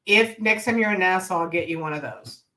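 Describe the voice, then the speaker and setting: A woman co-hosting a casual chat, telling a relaxed, rambling story with fillers and restarts. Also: on the low side, fairly quick, poor audio. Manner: relaxed, rambling, loses her thread with fillers. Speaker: podcast co-host.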